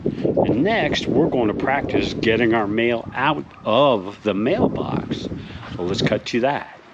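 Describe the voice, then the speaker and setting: A man hosting a mock-serious tutorial outdoors, explaining things deadpan as if to kids. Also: on the low side, slight background noise. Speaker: host. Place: outdoors in a front yard by a mailbox.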